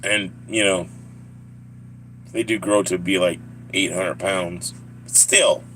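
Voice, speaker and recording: A man's voice: sits low, steady tone, takes it slowly, fairly bright tone, slight background noise. A man with a Southern US accent chatting casually on a live stream, joking and laughing often as he rambles to his viewers.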